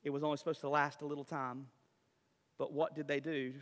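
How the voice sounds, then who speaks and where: A man preaching a sermon as pastor, animated, firing rhetorical questions at the congregation and slipping into quick impressions. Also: a little high, in a large hall.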